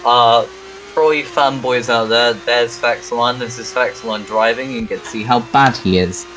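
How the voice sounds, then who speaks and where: A man giving casual, joking commentary on a sim race, often halting and poking fun at himself. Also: mid-range voice, steady tone, a bit bright, slight background noise, rough recording. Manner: joking, self-deprecating, halting.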